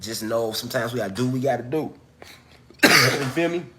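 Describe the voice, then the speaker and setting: Hosting a casual livestream from home, a man with an expressive mid-range voice talks straight to his viewers in loose slang at a moderate pace. He coughs while getting over an illness, and there is heavy background noise.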